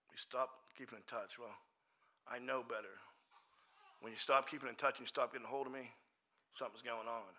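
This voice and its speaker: Bright-voiced man giving earnest testimony. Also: medium pitch. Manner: earnest, casual and plainspoken. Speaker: addiction ministry worker. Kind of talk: personal testimony storytelling.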